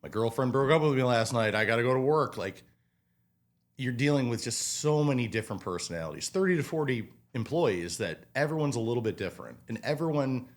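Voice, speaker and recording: A man in his twenties chats casually as a podcast guest. He tells stories from restaurant work with animated energy and acts out people's lines in his own voice. His pitch sits in a middle range. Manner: animated storyteller, acts out quotes, swears casually. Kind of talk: casual interview storytelling.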